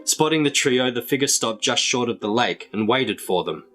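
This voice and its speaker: A man reading a children's adventure book aloud in a measured storytelling manner. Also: mid-range voice, animated, fairly bright tone, soft background music. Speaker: storybook reader.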